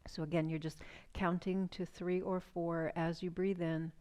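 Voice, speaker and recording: Gentle lady teaching chair yoga breathing, lowish voice, calm and easy. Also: measured pace. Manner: calm, gentle, inviting questions. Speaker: yoga instructor.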